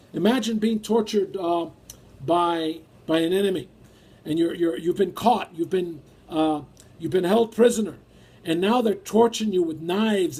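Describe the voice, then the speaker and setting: Husky high-voiced male preacher. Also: a little mellow. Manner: emphatic, rises when acting out feelings. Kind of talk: sermon.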